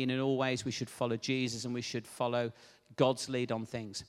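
A man giving a sermon in an earnest, unscripted way, pausing with fillers and restarting phrases. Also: mid-range voice, flat delivery. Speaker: preacher. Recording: long hall reverb.

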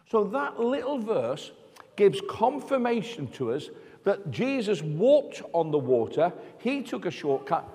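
An older man preaching a sermon in a church, conversational and joking as he goes, from England. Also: high-pitched. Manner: conversational with humorous asides. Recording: reverberant church hall.

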